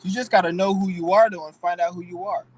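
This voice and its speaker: A man's voice: high voice, fairly even intonation, quick pace, husky, poor audio. A young man hosting his own channel, ranting bluntly and profanely in a preachy, emotional way. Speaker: channel host. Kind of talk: casual vlog rant.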